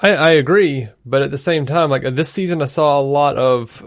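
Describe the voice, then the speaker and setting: A man co-hosting a podcast, arguing his point in an animated, casual way and swearing now and then. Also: fairly high pitch, normal speed, dry recording, studio quality. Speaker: podcast co-host. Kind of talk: casual debate.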